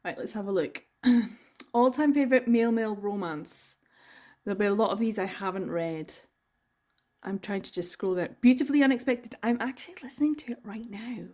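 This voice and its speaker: A woman's voice: medium pitch, animated, moderate pace, a little mellow. Chatty, rambling woman book vlogger. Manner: rambling, enthusiastic, frequent laughs and trailing fillers. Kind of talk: casual chatty vlog.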